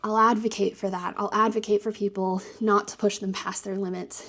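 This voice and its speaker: A young woman speaks earnestly to camera, audibly out of breath, with a gravelly fry running under her words. Every so often she sinks into a soft, breathy near-whisper. Her pitch sits in an ordinary middle range. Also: little pitch movement, fairly quick. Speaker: PhD student and disability advocate. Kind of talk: personal vlog talk to camera.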